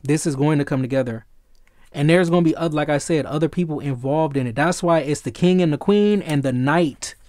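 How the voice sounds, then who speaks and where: A man giving a casual tarot reading who gets excitable, swears freely and often searches for the right word. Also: a little high, fairly quick, no echo. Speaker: tarot reader.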